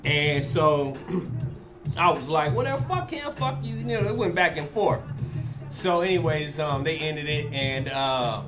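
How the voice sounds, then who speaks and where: High-voiced guy in his 30s, super animated, cussing a lot, clear music behind him. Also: slow pace. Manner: animated, swearing, acts out the people in his story. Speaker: podcast host. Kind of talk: casual storytelling chat.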